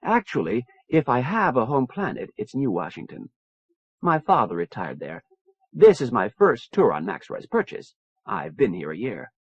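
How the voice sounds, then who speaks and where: A man voicing a poised young woman naval intelligence officer, calm and confiding, on a dull lo-fi cassette recording. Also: mid-range voice, normal speed, husky, no room sound, heavily acted.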